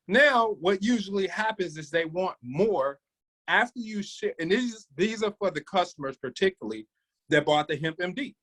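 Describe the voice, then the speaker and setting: A man's voice: fairly high pitch, a bit bright, rough recording. A man leading a sales training, coaching his team with energy and calling on listeners by name.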